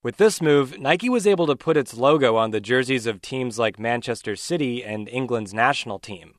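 A man's voice: medium pitch, moderate pace, no room sound, clean studio sound. Male radio news reporter.

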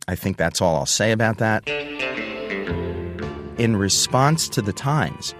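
A man in his sixties telling a personal story, animated and acting out the voices of the people in it. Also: lowish voice.

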